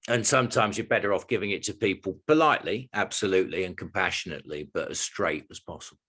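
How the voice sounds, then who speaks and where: A man's voice: low voice, fast talker, pushed and bright, breathy edge. A man co-hosting a podcast, speaking thoughtfully with hesitant, searching phrasing. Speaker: podcast co-host. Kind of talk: casual discussion.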